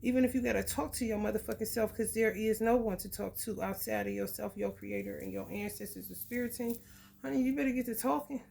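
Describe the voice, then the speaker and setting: A woman with a gravelly edge speaks in a blunt, preachy, profane flow, reading tarot straight to her viewers. Steady background noise runs under her voice throughout. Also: mid-range voice, quick pace. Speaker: tarot reader. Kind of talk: casual astrology reading monologue.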